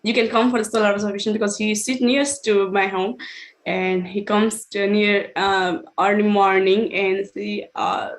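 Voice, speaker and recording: A woman's voice: medium pitch, steady tone, normal speed. A woman telling an online star party about her outreach work, speaking hesitantly with many fillers over a video call. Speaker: outreach presenter.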